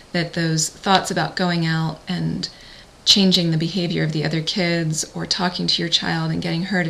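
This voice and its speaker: A woman leads a calm guided visualization with gentle, soothing pacing. Her voice is bright, with a gravelly edge. She sometimes drops to a soft, breathy near-whisper. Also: fairly low pitch, a little hiss or hum, rough recording. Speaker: parent coach.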